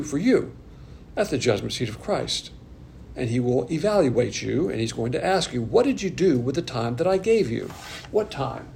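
A man's voice: medium pitch, vocal fry, warm tone, slight background noise. A man giving a doctrinal Bible lesson, working methodically through numbered points and asking questions to his listeners. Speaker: Bible teacher. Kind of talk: doctrinal Bible teaching from notes.

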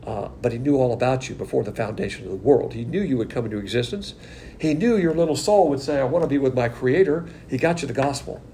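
A man's voice: mid-range voice, lively intonation, fast, gravelly, mellow, a little hiss or hum. A man preaching a sermon, emphatic and conversational with blunt asides. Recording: echoey room with faint ambience.

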